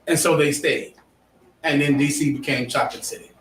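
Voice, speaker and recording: A man's voice: a little high, fairly even intonation, brisk, fairly bright tone, a little hiss or hum. A man teaching a history class, lecturing emphatically and quizzing his students. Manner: emphatic, preachy, asks the class questions. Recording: echoey room, mic far off.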